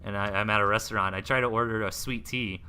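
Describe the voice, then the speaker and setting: Chatty bright-voiced male game caster. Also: fairly low pitch, steady tone, fast, clear, resonant tone. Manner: rambling, joking asides between play calls. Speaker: esports caster. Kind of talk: live replay game commentary.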